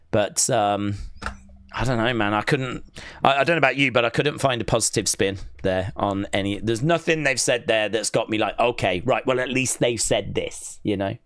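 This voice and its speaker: A man hosts a live stream, rambling through opinions and chat messages with sarcastic jokes and plenty of ums. His voice sits at an ordinary middle pitch. It is recorded close and dry, with no room sound. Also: a bit bright, smooth, no room sound. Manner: sarcastic, jokey, rambling with fillers. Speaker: wrestling watch-along host.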